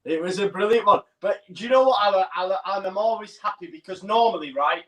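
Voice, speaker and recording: A man's voice: sits high, quick pace, fairly bright tone, recorded from a distance. A man co-hosting a football fan livestream, reading out viewer messages and chatting in a matey, laughing way. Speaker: co-host reading viewer comments. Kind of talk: casual live match chat. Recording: voice heard from off the mic.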